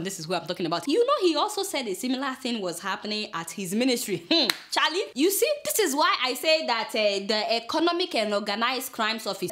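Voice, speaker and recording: A Nigerian woman hosts a satirical news show, mocking and exclaiming between her jokes. Her voice is high and very lively, leaping in pitch. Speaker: host.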